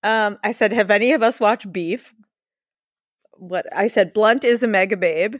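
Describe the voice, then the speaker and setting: A woman's voice: medium pitch, measured pace, no room sound. Woman podcast co-host, casual and gushing, dry close recording. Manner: chatty, gushing, swears freely. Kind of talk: casual chat.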